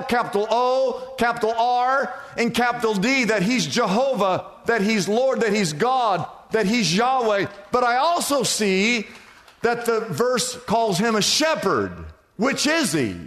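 A male pastor preaching in a church sanctuary, his voice ringing with a long hall reverb. He speaks high and slow, leaning on each phrase with emphasis, repeating himself and turning direct questions on the listeners. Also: a bit bright. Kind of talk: preaching a sermon.

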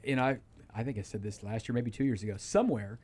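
Male sports radio regular, mid-pitched, rambling and emphatic, studio. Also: fast talker, darkish tone, slightly rough. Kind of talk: casual sports talk.

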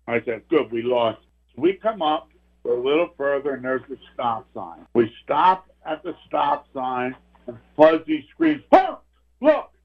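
A man's voice: mid-range voice, gravelly. Older guy on a tinny phone line, telling his spooky story all earnest. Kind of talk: telling a personal ghost story.

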